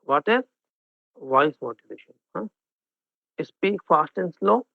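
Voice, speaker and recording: In an online exam-prep class, a man with an Indian English accent lectures slowly and expressively in a slightly high, gravelly voice, mixing Hindi and English and often checking in with his students. The sound is dry and narrow, like a phone line, with no room sound.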